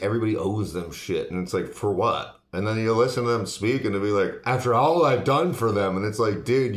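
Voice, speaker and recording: A man talking bluntly in a casual monologue, swearing constantly as he rants. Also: fairly low pitch. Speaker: host. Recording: echoey room.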